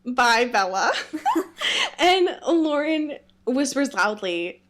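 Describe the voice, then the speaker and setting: Woman podcast co-host, casual chat, slightly high voice, very lively pitch, giggly, lots of "like". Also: drawn-out words. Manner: giggly, animated retelling with lots of "like". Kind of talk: casual book-club chat.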